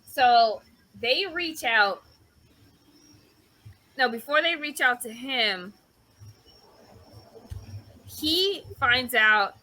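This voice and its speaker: A woman's voice: on the high side, rough recording. A woman co-hosting a casual podcast, retelling a story with lots of swearing and acted-out quotes. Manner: animated storyteller, swears freely, acts out quotes. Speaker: podcast host.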